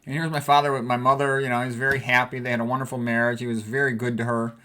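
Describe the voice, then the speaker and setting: An older American man in his sixties talks in a loose, conversational way, wandering from one memory to the next and repeating himself for emphasis. He sounds like a physician sharing family stories over old photos, at an ordinary middle pitch. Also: little pitch movement, fast. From United States. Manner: rambling, conversational, warm reminiscing. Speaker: physician vlogger.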